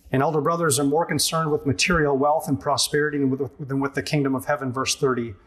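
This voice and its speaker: Male pastor, mid-range voice, earnest and emphatic, drives points home by repetition. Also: medium pitch. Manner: earnest, emphatic, repeats key phrases. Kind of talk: expository sermon.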